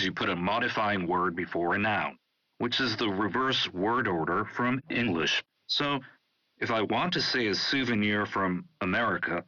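A man co-hosting a language lesson, asking and confirming points briskly. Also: lowish voice, sharp tone, no echo. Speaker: co-host learner. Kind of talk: scripted lesson dialogue. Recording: dry, dull studio sound.

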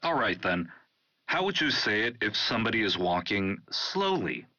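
A man's voice: fairly low pitch, moderate pace, dry recording, dull audio. A man announcing segments of an educational program in a scripted way. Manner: lively, segment-introducing announcer delivery.

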